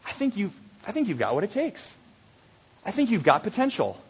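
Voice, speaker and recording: A man's voice: sits high, huge pitch swings, fairly quick, slightly rough, voice pushed up, heavily acted. A man voicing a big, confident boy who captains a schoolyard team, commanding at first and then easygoing and reassuring.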